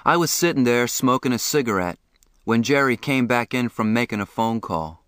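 A man narrating a novel in the first person, reading in a measured, plain way. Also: medium pitch, animated, fairly bright tone, clear, resonant tone, no room sound, clean studio sound. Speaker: audiobook narrator.

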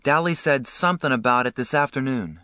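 A man's voice: mid-range voice, brisk, pushed and bright, smooth, no echo, studio quality, voice pushed up, close to an everyday voice. Man reading as a jittery teenage boy. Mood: urgent. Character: nervous teenage boy on the run.

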